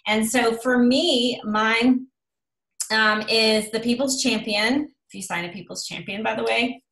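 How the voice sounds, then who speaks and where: A woman in her thirties giving an animated, chatty coaching talk on a team call. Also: fairly high pitch, unhurried, gravelly, roomy sound, poor audio. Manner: lively, chatty, acts out quoted voices. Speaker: guest speaker on a team call.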